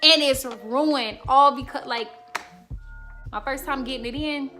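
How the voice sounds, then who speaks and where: A woman in her twenties from the Chicago suburbs chats frankly and in slang, speaking straight to her viewers in a storytime vlog. Her voice sits a little high and rings bright and forceful. Light music plays quietly behind her. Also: a little slow. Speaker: YouTuber.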